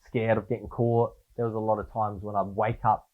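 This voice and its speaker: Aussie bloke guest, lots of swearing, laid back yarns, tinny phone-ish sound. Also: male voice, on the low side, flat delivery, fairly quick. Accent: Australian. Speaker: interview guest, DJ. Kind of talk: casual interview chat. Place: studio.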